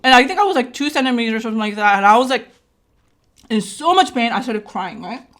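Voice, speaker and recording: A woman's voice: a little high, lively intonation, quick pace, a bit bright. A woman vlogger telling a personal story in a casual way. She acts out the dialogue and keeps checking in with "right?".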